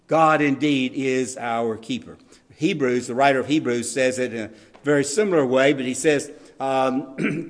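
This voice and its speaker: A man preaching a sermon as pastor, earnest, rising on scripture readings and dropping low to stress key lines, with occasional ums and restarts. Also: normal speed.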